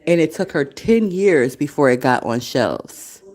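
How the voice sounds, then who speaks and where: A woman's voice: low voice, lively intonation, a little slow, a little mellow. A woman in her forties hosting a casual solo podcast from her desktop, rambling with frequent laughter and heavy cursing. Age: 40s. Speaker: podcast host and café founder. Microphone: desktop computer recording.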